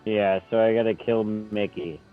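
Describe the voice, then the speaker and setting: A man's voice: lowish voice, fairly even intonation, moderate pace, phone-quality sound, faint music behind. A young man playing in a tabletop game, joking and casual. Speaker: player. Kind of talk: casual chat.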